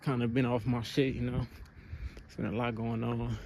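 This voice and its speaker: A man's voice: medium pitch, level tone, moderate pace, creaky, noisy background. A man talking casually to his phone camera, slangy and full of fillers, out of breath as he walks outdoors in the countryside. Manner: laid-back slangy talk with many fillers. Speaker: motivational vlogger. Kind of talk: casual vlog talk.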